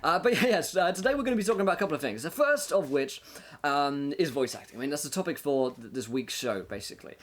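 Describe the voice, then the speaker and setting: A man hosting a tabletop game stream as game master, talking in a casual, upbeat monologue that is full of fillers and quick laughs. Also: fairly high pitch, animated. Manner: upbeat and chatty, laughing between thoughts, many filler words. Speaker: game master and show host.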